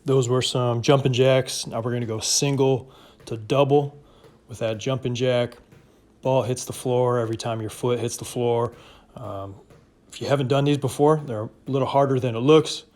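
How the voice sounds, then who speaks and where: A young adult man in his home garage, giving steady, casual basketball workout instruction in a voice-over. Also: medium pitch, moderate pace. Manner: calm, steady coaching with casual fillers. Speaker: basketball trainer.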